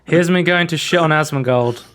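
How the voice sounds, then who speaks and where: A man co-hosts a casual podcast, rambling about game demos with lots of fillers and "likes." He speaks at a moderate pace in a fairly high, fairly bright voice, with faint music behind him.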